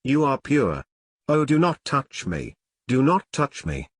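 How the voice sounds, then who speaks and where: A man reading aloud, voicing a young woman pleading in despair in a low, quivering tone. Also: very animated, a little slow, slightly rough, no room sound. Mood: despairing plea.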